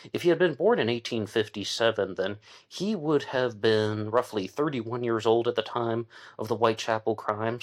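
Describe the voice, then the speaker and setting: A man hosting a casual true-crime talk, thinking aloud with fillers and restarts as he goes. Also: lowish voice. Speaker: podcast host.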